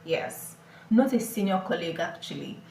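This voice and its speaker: A woman teaches a beginner French lesson in a slow, deliberate way, pausing to check that her listeners follow. Her voice sits a little low. She sounds set back from the mic in a roomy space with a faint hum behind her. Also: animated, creaky, dark tone, far from the mic. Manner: slow, deliberate explaining with repeated check-ins.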